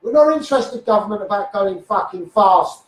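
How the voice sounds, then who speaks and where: Speaking at a normal pace with a high, expressive voice, a Liverpool man rants on Facebook live, cursing and repeatedly turning to address his viewers. He calls himself an activist streamer, and his phone sits far off in a room full of echo.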